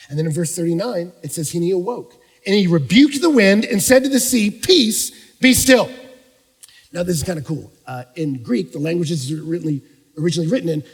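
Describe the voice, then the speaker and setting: Pastor guy preaching, husky high-ish voice, goes quiet then shouts, big echoey church hall. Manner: animated, swings from hushed to shouting. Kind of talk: sermon. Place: large church auditorium. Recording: long reverb of a large hall.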